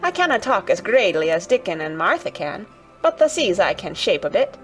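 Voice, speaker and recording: A woman's voice: medium pitch, very animated, a little fast, faint music behind, close to an everyday voice. Woman doing a Yorkshire-talking little girl. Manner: playful broad dialect, proud and teasing. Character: stubborn little girl speaking broad Yorkshire.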